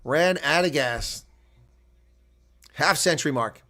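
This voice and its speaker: A man giving live rugby play-by-play, shouting on big plays and chatting casually with viewers in between. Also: fairly high pitch, takes it slowly. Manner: reads viewer chat aloud. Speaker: play-by-play commentator. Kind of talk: live sports commentary.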